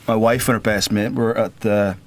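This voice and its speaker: A man's voice: lowish voice, normal speed. Man telling stories in casual chat. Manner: relaxed storyteller, self-deprecating. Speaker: podcast guest co-host. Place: podcast booth.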